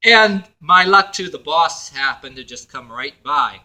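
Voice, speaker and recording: Man, somewhat high, sharp and forceful tone, rambling vlog storyteller who keeps restarting his sentences. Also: animated, measured pace, low-quality recording. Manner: meandering, full of fillers and restarts, acts out others' lines. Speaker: video blogger. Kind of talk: rambling personal story to camera.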